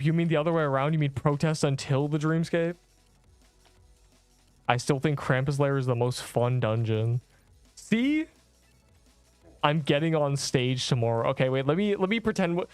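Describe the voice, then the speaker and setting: A young male game streamer with a slightly higher voice, riffing and teasing his chat in loose, sarcastic banter. Faint music plays under his talk. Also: smooth, no room sound. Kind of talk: casual live-stream chat.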